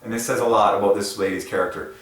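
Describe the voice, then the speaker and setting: A man rambling through a casual monologue as a religious numerology video host, excitable, with many fillers and sudden jumps in pitch. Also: quick pace. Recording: very echoey room, far from mic.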